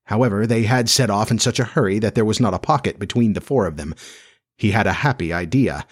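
A man reading a children's story aloud in a measured storytelling manner. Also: fairly low pitch, husky. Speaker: audiobook narrator. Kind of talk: scripted narration.

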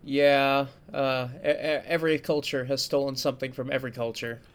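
A man's voice: mid-range voice, level tone, normal speed, smooth. A man co-hosting a podcast, chatting casually and telling amused anecdotes. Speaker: podcast co-host. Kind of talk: casual chat.

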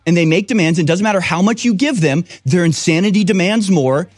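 Man, commentary host, slightly high voice, mocking rant, dry close sound. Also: fast talker, dry recording, soft background music. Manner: scornful, mocking, sarcastic. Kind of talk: reading news and ranting commentary.

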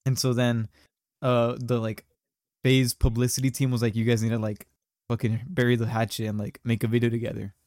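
A man's voice: medium pitch, little pitch movement, fairly quick, a little mellow, dry recording, clean studio sound. A young man hosting a podcast, telling a story in casual chat with lots of slang and fillers. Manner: rambling, slangy, many fillers. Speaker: podcast host.

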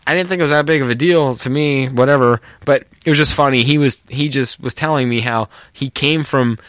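A man's voice: mid-range voice, brisk, dry recording, studio quality. Rambling chatty man on a podcast. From North America. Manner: rambling storyteller, lively when telling stories. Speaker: podcast co-host. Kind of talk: casual chat.

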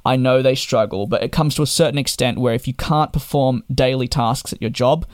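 A man's voice: mid-range voice, fairly quick, dry recording, studio quality. A young man telling an exasperated story as a travel vlogger, speaking emphatically. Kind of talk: casual monologue to camera.

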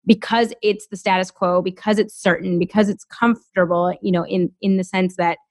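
A woman in her thirties, a guest on a podcast, telling her story in a chatty, animated way with lots of fillers. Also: mid-range voice, moderate pace, dry recording, clean studio sound. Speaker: guest, former lawyer. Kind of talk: casual podcast conversation.

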